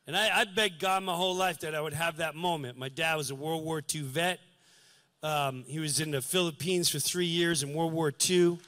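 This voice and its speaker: A male comedian on a live stage, telling a story with earnest, preachy passion and acting out scenes with sudden shouts. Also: fairly high pitch, steady tone, moderate pace. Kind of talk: stand-up comedy.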